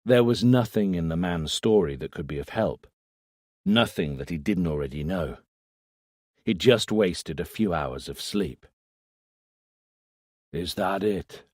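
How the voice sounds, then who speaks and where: A man narrating a thriller audiobook in a measured, low-key way on a close mic. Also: animated, a little mellow, no echo. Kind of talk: scripted narration.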